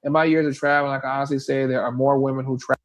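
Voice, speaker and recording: A man's voice: mid-range voice, flat delivery, racing. A man hosting a reaction video, commenting in a laid-back, mocking way between clips. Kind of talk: casual commentary.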